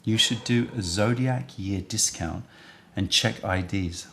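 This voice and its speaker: A man with a low, gravelly voice hosts a casual live stream. He rambles, thinks out loud and chats loosely with his viewers. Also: slow, a little hiss or hum. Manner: rambling, chatty, thinks aloud. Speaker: livestream host selling tea.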